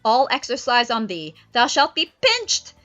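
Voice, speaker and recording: A woman voicing a stern, angry old male sorcerer, declaiming Shakespearean verse slowly and loudly. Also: on the high side, big pitch swings, voice pushed up, full character voice. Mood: scornful. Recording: slightly dull lo-fi stream, faint music.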